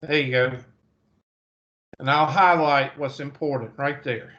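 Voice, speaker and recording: A man's voice: mid-range voice, fairly even intonation, measured pace, fairly bright tone. A man with a Southern US accent teaching a math class over a video call, chatty and thinking aloud as he goes. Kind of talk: online class lecture. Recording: muffled video call audio.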